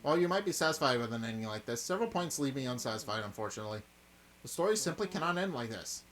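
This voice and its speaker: A man's voice: mid-range voice, sing-song, rapid-fire, fairly bright tone. A man voicing a smug, theatrical male mastermind from a game. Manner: theatrical, condescending.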